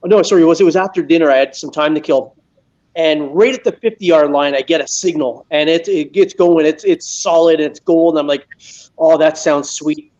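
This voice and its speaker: A Canadian man who detects metal as a hobby, telling a funny story in a casual live chat and acting out his own yelling. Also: on the high side, fairly quick, dull audio.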